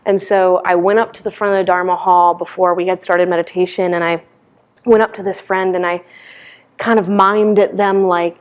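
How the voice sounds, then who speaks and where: A woman's voice: on the low side, little pitch movement, moderate pace. A woman giving a dharma talk as a meditation teacher, telling stories in a candid, conversational way.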